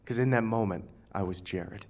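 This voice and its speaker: A man in his twenties doing a stand-up set, telling a story with animated delivery and acted-out dialogue. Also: lowish voice, moderate pace. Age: 20s. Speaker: stand-up comic.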